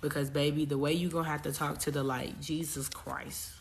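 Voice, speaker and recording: A woman spiritual coach talking casually and profanely to her viewers, swinging from loud outbursts to hushed asides. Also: low-pitched, flat delivery, a little fast, creaky, a little hiss or hum. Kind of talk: casual live chat.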